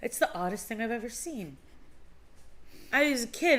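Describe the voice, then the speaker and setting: A woman's voice: a little high, big pitch swings, brisk, fairly bright tone. A woman co-hosting a live movie chat show, laughing often and acting out scenes as she talks. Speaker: podcast co-host. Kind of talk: casual chat.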